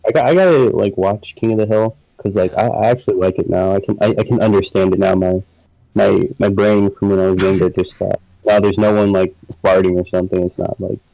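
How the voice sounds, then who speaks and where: A man's voice: sits low, steady tone, brisk, gravelly, dark tone, no room sound, poor audio. A young man co-hosting a casual live stream chat, rambling with lots of filler words and frequent laughter. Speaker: podcast co-host.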